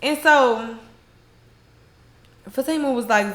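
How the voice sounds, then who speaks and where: A woman's voice: high-pitched, expressive, slow pace, fairly bright tone. A woman casually recapping a TV episode, retelling scenes in her own words with slang and frequent laughter. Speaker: recap host.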